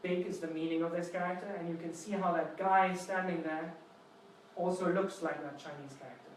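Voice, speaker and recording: A man with a high voice gives a live lecture, explaining through playful little stories and calling on the audience. He is picked up from far off in a very echoey university room, with faint background noise. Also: steady tone, brisk. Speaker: seminar presenter.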